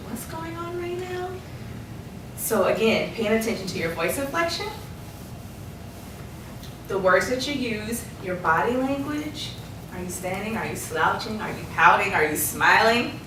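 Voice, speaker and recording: A woman coaching a workshop audience on public speaking, lively and laughing often as she acts out quotes. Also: medium pitch, distant mic, background noise. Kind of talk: workshop presentation. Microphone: distant room mic. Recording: echoey room recorded from afar.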